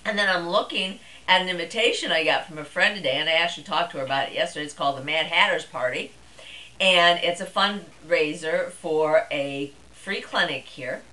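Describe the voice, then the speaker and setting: A woman's voice: fairly low pitch, fairly quick, sharp tone, rough recording. A middle-aged woman vlogger talking to camera in a chatty, rambling way, with plenty of fillers. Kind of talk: casual monologue to camera.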